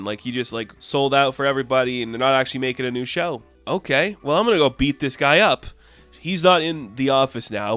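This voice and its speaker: A man's voice: mid-range voice, fairly bright tone, no echo. A man casually recapping a comic book, with laughs and loose fillers.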